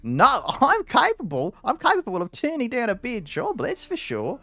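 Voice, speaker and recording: Brash profane pilot, lively swooping voice, a man voicing him. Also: very high-pitched, normal speed, no room sound, soft background music, pitched above the performer's own voice, heavily acted. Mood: defiant. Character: cocky male ship pilot who swears a lot.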